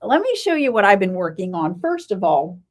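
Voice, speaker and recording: A woman's voice: medium pitch, very animated, normal speed. A woman hosting a live-stream podcast, chatting casually in a rambling way with many fillers and self-corrections. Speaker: podcast host.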